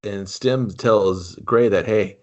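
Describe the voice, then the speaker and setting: A man's voice: on the low side, a little slow, muffled recording. A man co-hosting a casual movie review chat, laid-back, retelling scenes with acted-out lines. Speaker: podcast co-host.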